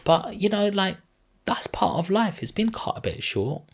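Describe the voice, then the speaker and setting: Male podcast guest, 30s, husky, earnest, heartfelt storyteller. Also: sits high, sing-song, moderate pace. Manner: earnest, heartfelt, rambling retelling. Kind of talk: emotional personal storytelling.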